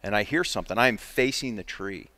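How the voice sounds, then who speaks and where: A man's voice: on the low side, quick pace, bright, forceful tone. A man telling a hunting story in casual podcast chat, frank and emphatic, joking at his own expense. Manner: frank, emphatic, self-deprecating. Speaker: podcast guest, hunter.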